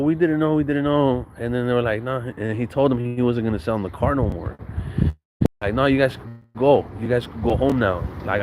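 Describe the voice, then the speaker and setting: A man's voice: medium pitch, a little hiss or hum, rough recording. A young adult man casually telling a personal story, swearing often, laughing and acting out the voices of the people he quotes.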